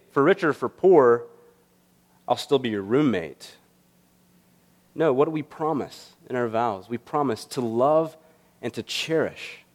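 Earnest male pastor preaching. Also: medium pitch. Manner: earnest, conversational preaching with storytelling. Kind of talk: sermon.

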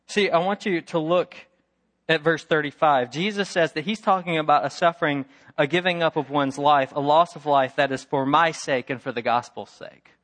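A man's voice: on the high side, normal speed, a bit bright. A middle-aged man preaching a sermon, telling a story with emphatic repetition and acting out the voices of its characters. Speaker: pastor.

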